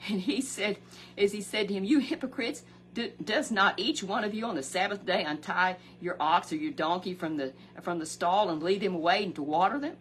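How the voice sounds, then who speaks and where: A woman telling a Bible story for children in a homespun, chatty way, often rising into excited exclamations. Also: slight background noise. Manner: animated, exclamatory, swoops high on emotional words; chatty, homespun, talks straight to the listener. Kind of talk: folksy Bible story told to a puppet.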